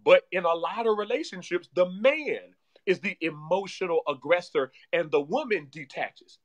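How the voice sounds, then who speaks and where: High-voiced energetic man coaching. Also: normal speed. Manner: energetic, preacher-like repetition. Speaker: relationship coach guest. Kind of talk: animated podcast talk.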